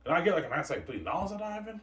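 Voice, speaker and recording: An older-sounding impression: a man voicing a greedy, excitable male film director who pleads and gushes in a high voice. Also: very fast. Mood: pleading. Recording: roomy distant mic with faint ambience.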